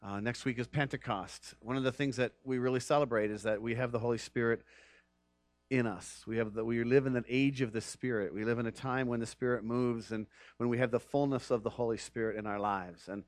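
A man's voice: mid-range voice, steady tone, brisk, dry recording. Earnest male pastor preaching, dry sound. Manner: earnest preaching, builds to emphatic passages. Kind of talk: sermon.

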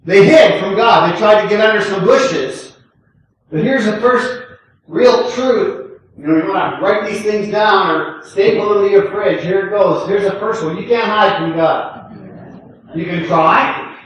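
An older man preaching a sermon in a relaxed, conversational way, often checking in with the congregation and chuckling. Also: sits high, a little slow. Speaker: pastor. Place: church sanctuary. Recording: echoey room, distant from the mic.

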